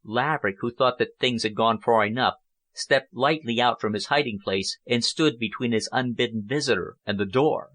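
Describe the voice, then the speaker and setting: Scripted narration from a novel, read by a male audiobook narrator. He keeps a mid-range voice and a steady, measured pace.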